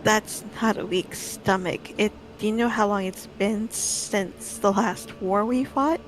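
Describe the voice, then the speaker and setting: A woman's voice: medium pitch, measured pace, background noise, natural voice. A woman voicing a female adventurer and veteran of a war, protesting indignantly that she has no weak stomach.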